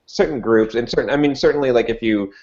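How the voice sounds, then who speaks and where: A man's voice: medium pitch, fast, a little mellow. A man co-hosting a casual podcast, giving his opinions with lots of fillers and restarts. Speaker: podcast co-host. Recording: dull lo-fi audio.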